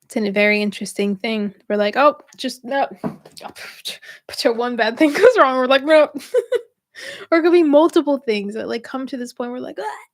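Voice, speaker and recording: Chatty gravelly-voiced woman livestreaming. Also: sits high, normal speed, no room sound, studio quality. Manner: chatty, laughs often, filler-heavy. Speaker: spiritual reader hosting a livestream. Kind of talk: casual livestream chat with viewers.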